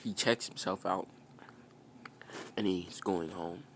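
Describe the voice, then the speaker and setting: A man's voice: deep voice, slow pace, slight background noise. A man casually telling a fan-fiction story, rambling and repeating himself as he goes.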